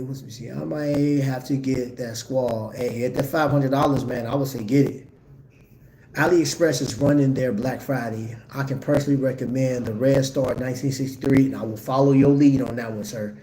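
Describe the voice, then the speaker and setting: A man's voice: medium pitch, warm tone, echoey room, slight background noise. A man from Brooklyn, hosting a casual watch livestream in a laid-back, slangy way and laughing often. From Brooklyn, New York.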